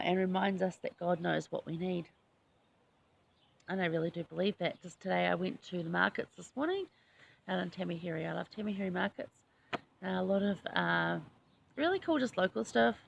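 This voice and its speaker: A woman's voice: mid-range voice, gravelly. A woman hosting a casual scripture study chat, talking in a chatty, enthusiastic way with personal asides. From New Zealand. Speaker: host.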